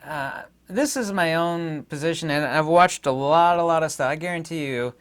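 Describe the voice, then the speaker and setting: A man's voice: a little high, normal speed, clear, resonant tone. A middle-aged American man giving an indignant, rambling political monologue with sarcastic asides. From United States. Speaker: commentator.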